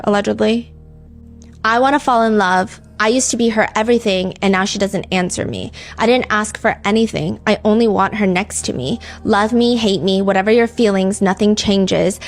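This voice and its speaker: Woman, true crime host, casual conversational delivery, average pitch, loose and chatty. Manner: chatty, lots of "like" fillers, reads lyrics aloud.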